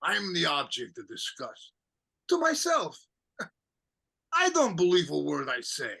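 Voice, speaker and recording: A bitter old count with a gravelly, bright edge to his voice, read by an actor. He talks slowly and swings his pitch widely, laughing at himself between his tears, in a stage-play reading. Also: huge pitch swings, exaggerated voice. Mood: mocking. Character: bitter, mocking aging male count.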